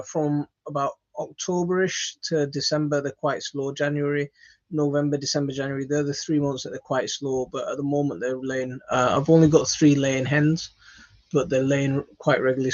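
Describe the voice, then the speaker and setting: A man's voice: medium pitch, little pitch movement, normal speed, dull audio. Tired, rambling man on a live stream. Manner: rambling, hesitant, many ums and restarts. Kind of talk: casual live chat reading viewer comments.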